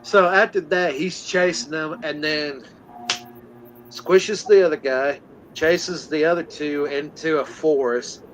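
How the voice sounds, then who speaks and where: A man hosting a podcast, recapping a film in animated, casual storytelling full of laughter. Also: fairly high pitch, slow, a little hiss or hum, poor audio. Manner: animated storytelling, laughs often, acts out scenes. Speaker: podcast host.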